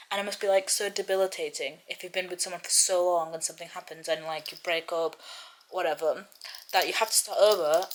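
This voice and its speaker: A woman's voice: lowish voice, a bit bright, slight background noise, poor audio. A young woman talking casually to her camera in a reading vlog. She rambles in a chatty way and gets emotional about the book. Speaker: book vlogger.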